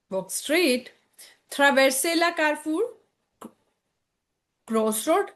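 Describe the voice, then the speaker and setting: Slow-paced Indian woman teaching French. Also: high-pitched. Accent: Indian English. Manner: reads French lines then translates to English, checks in with "okay?". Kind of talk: textbook lesson walkthrough.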